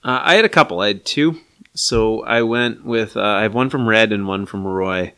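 Forceful man telling a lively story. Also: on the low side, normal speed, clean tone. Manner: animated anecdote-telling. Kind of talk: casual movie discussion.

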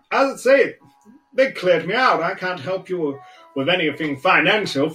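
A man's voice: high-pitched, pushed and bright, heavily acted. A man voicing a fussy, pompous male gnome who stammers and wheedles in a self-important way.

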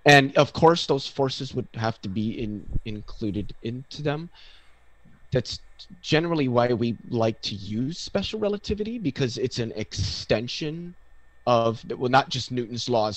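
A man in a live online debate, explaining physics with many halting restarts. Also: mid-range voice, lively intonation, dry recording, rough recording. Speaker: debate guest.

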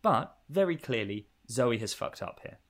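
A man's voice: medium pitch, big pitch swings, moderate pace. Man laughing through a casual film recap. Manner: swears freely, laughs often, rambling recap. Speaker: podcast co-host.

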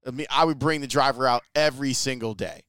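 A man's voice: medium pitch, steady tone, fast talker, a bit bright, clear, resonant tone, dry recording. A man hosting a podcast, talking casually and often repeating words as he thinks. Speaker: podcast host. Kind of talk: casual interview and host-read ad.

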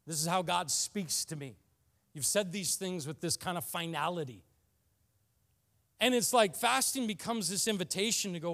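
Man preaching, earnest, builds to passionate emphasis, fairly high voice, restarts often. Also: lively intonation, normal speed, fairly bright tone. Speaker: pastor. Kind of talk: sermon.

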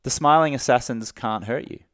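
A man from Australia, a guest coach on a podcast, who talks in an animated way and acts out little dialogues in different voices. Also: medium pitch, a little fast, no echo, clean studio sound. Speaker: guest, alcohol-free coach.

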